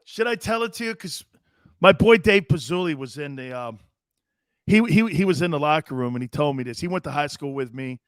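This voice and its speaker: Excitable man hosting a sports show. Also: a little high, a little fast, dry recording, studio quality. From Connecticut, United States. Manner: excitable, rambling, laughs often. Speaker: sports talk show host. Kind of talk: casual sports talk.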